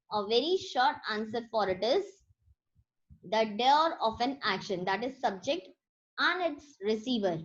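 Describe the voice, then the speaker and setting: Slow-paced woman teaching. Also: on the high side. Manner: explains and repeats slowly, checks understanding. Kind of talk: grammar lesson. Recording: dull lo-fi recording.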